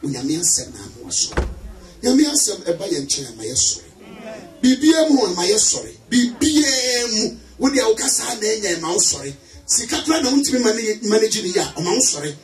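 Man, Ghanaian accent, emphatic shouting preacher, high animated pitch, distant echoey church recording. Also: brisk. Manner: emphatic, calls for amens, shouts. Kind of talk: sermon mixing English and Twi. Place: church hall with congregation. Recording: roomy, far from mic, music and crowd. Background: music and congregation.

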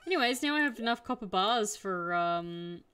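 A woman's voice: mid-range voice, lively intonation, moderate pace, fairly bright tone, clean tone. A young woman chatting casually while streaming a game, telling an exasperated story. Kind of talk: casual gameplay chat.

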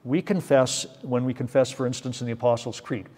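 A man's voice: mid-range voice, fairly quick, a little mellow. A man leading a Bible study in a church, explaining scripture in an emphatic teaching manner and often checking in with "right?" and "okay?". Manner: explanatory, stressing words, frequent "right?" and "okay?". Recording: church hall reverb.

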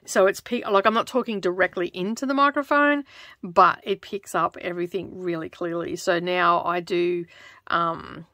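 An Australian woman chatting casually as she stitches, rambling and laughing often, keeping her voice lowered toward a close microphone in her home craft studio. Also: fairly even intonation, normal speed, bright, forceful tone, dry recording. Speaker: craft vlogger. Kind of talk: casual chat while stitching. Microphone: close microphone in front of her.

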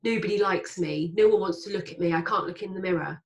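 A woman's voice: on the low side, fast, reverberant, pitched below the performer's own voice, close to an everyday voice. Lady doing her moany inner brain voice, greedy n insistent. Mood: moaning. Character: whiny, greedy female primal brain, self-critical.

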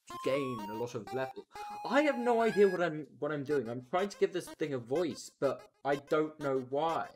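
Game streamer, chatty let's play commentary, excitable, self-mocking, lively swooping pitch, game music behind.

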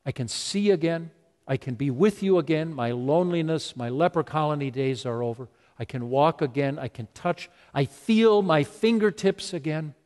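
A man voicing a healed leper man who cries out his joy loudly. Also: on the high side, moderate pace, lightly acted. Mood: exultant. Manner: loud, exultant outbursts. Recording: long reverb of a large hall.

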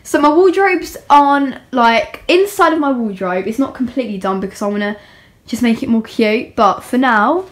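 A young woman talks casually in her bedroom with a slightly high voice. She rambles along with plenty of fillers and little giggles. Her voice has the easy, chatty feel of a bedroom tour vlog. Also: lively intonation, normal speed. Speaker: vlogger.

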